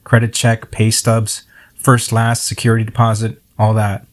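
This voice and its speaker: A middle-aged man reading his own poem aloud, reflective and unhurried as he tells a story. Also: fairly low pitch, completely flat delivery. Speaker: poet.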